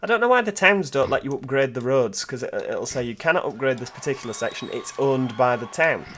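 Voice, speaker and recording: A man's voice: mid-range voice, expressive, brisk, a bit bright. A man giving casual let's-play commentary, thinking aloud and asking rhetorical tag questions. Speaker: gameplay commentator.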